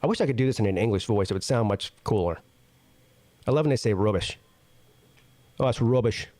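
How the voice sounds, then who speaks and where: A man reads news stories on his show and stops often to react with blunt, salty asides. His pitch swings up and down a lot, especially when something strikes him as ridiculous. The sound is dry and close, with no room echo. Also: expressive, fast, darkish tone. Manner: jumps high in pitch when incredulous. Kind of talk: casual news reading with commentary.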